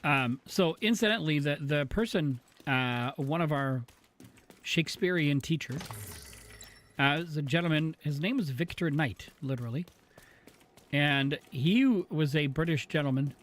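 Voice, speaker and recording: A man streaming a video game, chatting casually with excitable, rambling asides. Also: on the high side, slight background noise. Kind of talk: casual gaming stream chat.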